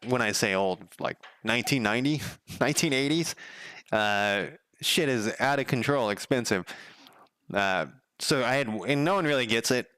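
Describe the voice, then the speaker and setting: A man's voice: mid-range voice, normal speed, sharp tone, smooth, no room sound. A man streaming as a game developer, chatting casually at home, rambling through stories, swearing now and then and chuckling often. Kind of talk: casual chat.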